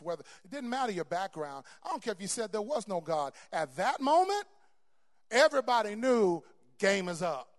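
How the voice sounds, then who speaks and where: High-voiced man preaching with fervor. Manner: stammering repeats, building to loud emphatic peaks. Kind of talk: sermon. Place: church before a congregation.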